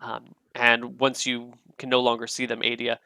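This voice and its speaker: A man running a tabletop game as dungeon master, his voice bright and smooth with some gravel. He narrates scenes in a loose, descriptive way, recorded dry and close. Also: medium pitch, completely flat delivery, moderate pace, dry recording. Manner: descriptive, with frequent fillers and restarts.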